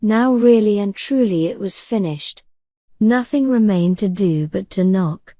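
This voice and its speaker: A woman reads a bedtime audiobook in a gentle, unhurried, soothing manner. Her voice is mellow and dark rather than bright, sitting at a middle pitch. The recording is close and dry, with no room echo. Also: expressive. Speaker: audiobook narrator. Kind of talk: soft bedtime story narration.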